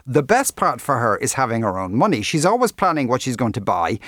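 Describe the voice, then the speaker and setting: A man's voice: mid-range voice, big pitch swings, a little fast, fairly bright tone, dry recording, clean studio sound. A man hosting a radio show, reading listener letters aloud and asking questions. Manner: reads letters aloud, brief agreeing interjections.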